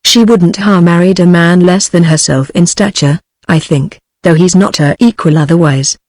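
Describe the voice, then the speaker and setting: A synthetic woman's voice with a British accent reading a kindly old landlady in a storybook, in an even, flat delivery. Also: lowish voice, moderate pace, no echo, studio quality, lightly acted. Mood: fond.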